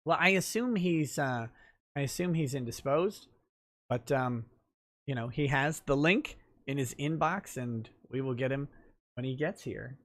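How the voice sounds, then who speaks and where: A man's voice: medium pitch, animated, unhurried, fairly bright tone, no room sound. A man hosting a livestream, explaining legal matters in a casual, thinking-aloud way with fillers. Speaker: livestream talk show host and lawyer.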